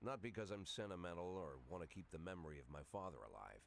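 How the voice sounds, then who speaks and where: A man's voice: sits low, lively intonation, fast, vocal fry, slight background noise. A man voicing a cynical, weary police chief in his sixties, narrating a video game in a dry, sardonic monologue. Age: 60s.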